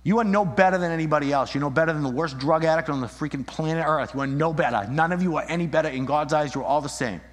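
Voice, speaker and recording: A man preaching a sermon, animated, acting out little scenes and shifting his voice as he argues. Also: fairly high pitch, fast talker, few pauses. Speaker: pastor. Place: church. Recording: long reverb in a hall.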